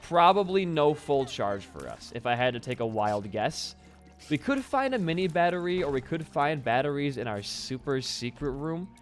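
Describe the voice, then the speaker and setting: A man's voice: fairly high pitch, big pitch swings, moderate pace. A young man giving casual gameplay commentary, rambling and self-deprecating, swearing often. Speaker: gaming YouTuber. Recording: faint background music.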